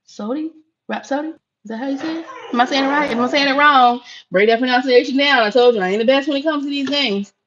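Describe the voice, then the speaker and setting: A woman's voice: sits high, fast talker, dull audio, noisy background. A middle-aged woman from Florida chatting casually with viewers on a live stream while she cooks in her home kitchen. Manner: chatty, addresses viewers as y'all.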